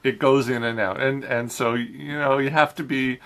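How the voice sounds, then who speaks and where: A man's voice: medium pitch, steady tone, moderate pace, fairly bright tone. A man reviewing a film in a casual chat, talking easily with frequent restarts and laughs. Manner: chatty, laughs often, many restarts.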